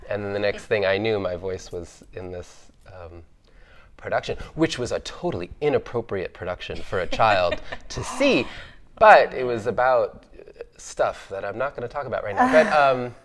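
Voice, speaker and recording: On an artist panel, a man thoughtfully and chattily recalls his early influences, laughing easily and using lots of fillers. His voice is lowish and sing-song, at a moderate pace, in reflective conversational storytelling.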